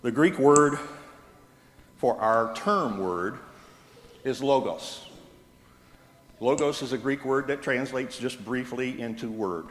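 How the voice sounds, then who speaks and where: A man's voice: medium pitch, slow, pauses often, a little hiss or hum. Man preaching in a reverberant church hall. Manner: plain conversational storytelling. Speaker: pastor. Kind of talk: sermon. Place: church sanctuary.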